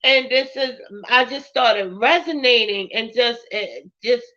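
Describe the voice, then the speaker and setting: A woman talking slowly and earnestly to viewers on a live stream, repeating "right?" and turning tearful. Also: fairly high pitch, pushed and bright, muffled recording. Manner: heartfelt, repeating "right?" and names. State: tearful, crying.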